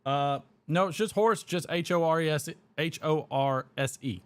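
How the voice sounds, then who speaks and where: Smoking a pipe on a live stream, a man with a clear, resonant voice on the high side chats at a normal speed. He rambles, chuckles, and reads the chat's comments aloud.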